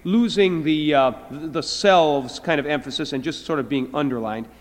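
A middle-aged professor lectures to a class, stretching his words and restarting as he explains. His voice sits high for a man. The sound carries a long reverb from a lecture hall. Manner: explains slowly, drawing out words, with filler restarts. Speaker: Greek professor.

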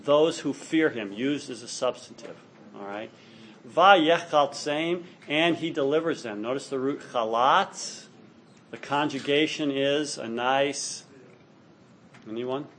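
A man's voice: mid-range voice, unhurried, a bit bright, a little hiss or hum. A man teaching a class on Hebrew grammar, explaining patiently and checking in with students often. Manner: patient, explanatory, frequent "all right?" check-ins. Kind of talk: classroom lecture.

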